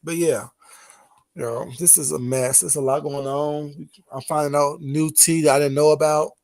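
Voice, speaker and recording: Talking to his chat during a relaxed late-night livestream, a man gossips playfully and laughs a lot. He speaks at a moderate pace with fairly even intonation, in a slightly mellow voice on the high side.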